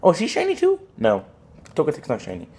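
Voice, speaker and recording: A young man talking casually as he unboxes trading cards on a phone recording, excitable, swearing often and tossing out jokey asides. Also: fairly high pitch, quick pace. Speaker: card unboxing vlogger.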